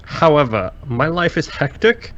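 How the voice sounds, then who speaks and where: A man's voice: a little high, animated, measured pace, fairly bright tone, highs cut off. A man co-hosting a casual chat, telling long rambling stories. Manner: chatty, rambling storyteller. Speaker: podcast co-host.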